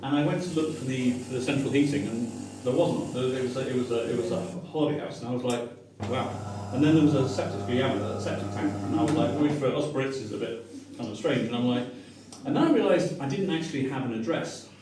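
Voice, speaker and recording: This middle-aged man from Manchester talks fast with hardly any pauses, his mid-range voice carrying a humorous, self-mocking story to an audience. He acts out the voices he quotes. The setting is a restaurant dining room, recorded distantly in an echoey space with background noise.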